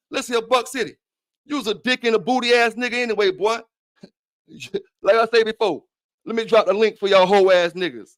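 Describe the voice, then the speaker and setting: A man's voice: sits high, fairly bright tone. A man hosting a livestream, taunting and cursing at a rival in heated trash talk. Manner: profane, taunting, challenging. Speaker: livestream host.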